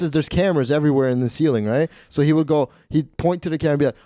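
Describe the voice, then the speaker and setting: Man, rambling profane storyteller, podcast host, mellow tone, dry studio mic. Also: a little high, very fast, hardly any pauses, dry recording. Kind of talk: comedic storytelling.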